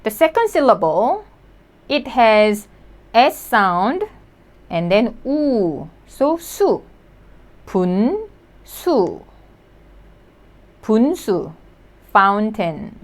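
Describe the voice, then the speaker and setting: A woman's voice: on the high side, sing-song, slow pace, long pauses. A woman teaching vocabulary in English, sounding out each syllable and repeating every word. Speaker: Korean language teacher. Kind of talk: slow, clear vocabulary lesson.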